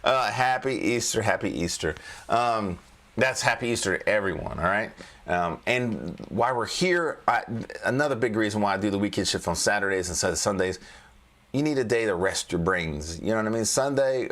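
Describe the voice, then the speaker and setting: A man's voice: on the low side, animated, fairly quick, a bit bright. A man hosting a casual livestream about stock charts, talking in a folksy, joking way with frequent restarts. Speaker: trading coach and livestream host.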